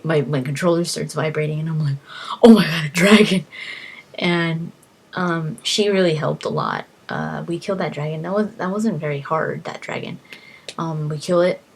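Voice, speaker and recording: A woman casually chatting about a video game she is playing, excitable and rambling, often repeating her words as she talks. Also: sits low, slightly rough. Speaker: gaming vlogger.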